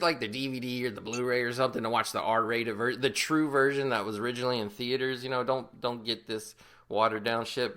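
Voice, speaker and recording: A man's voice: mid-range voice, pushed and bright. A man co-hosting a podcast, giving a profane, rambling movie recap and laughing often. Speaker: podcast co-host. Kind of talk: casual movie review chat.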